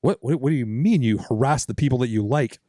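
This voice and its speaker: A man's voice: medium pitch, fast, mellow, dry recording. A man co-hosting a casual podcast, telling a story with plenty of swearing and quoted voices. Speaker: podcast co-host. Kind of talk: casual chat.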